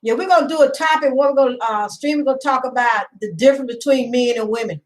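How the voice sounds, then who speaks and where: Speaking quickly in a high voice, a middle-aged woman hosts a chatty, meandering home livestream where she says hello to viewers by name and laughs often, all on a low-quality recording.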